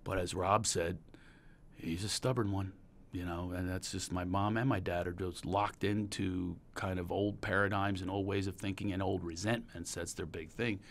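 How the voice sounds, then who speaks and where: A middle-aged man from Pennsylvania with a Pennsylvania accent, hosting a podcast and telling long personal stories in a rambling, animated way. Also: low-pitched, moderate pace, slight background noise. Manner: rambling and storytelling, animated when recalling anecdotes. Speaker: podcast host. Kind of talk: casual chat.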